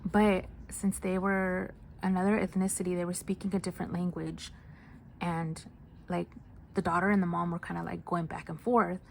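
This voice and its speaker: A woman who works as a nurse, telling a story in a casual storytime. She speaks softly, often close to a whisper, with many fillers. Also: lowish voice, little pitch movement, moderate pace, vocal fry, slight background noise. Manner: soft, hushed delivery with many fillers.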